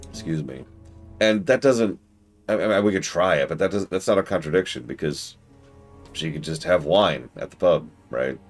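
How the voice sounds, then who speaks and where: Chatty male streamer, bass-deep with a lively swing; talks through the game and answers viewers. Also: unhurried, pauses often, soft background music. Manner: thinks aloud, chatty, answers chat. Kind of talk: casual gameplay commentary.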